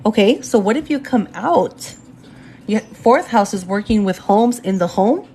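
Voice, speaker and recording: A woman's voice: mid-range voice, lively intonation, unhurried, dark tone, a little hiss or hum. A young woman doing a live astrology reading from home on her phone, chatty and addressing viewers directly, often going off on tangents. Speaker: astrology reader. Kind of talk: live-stream reading, casual chat.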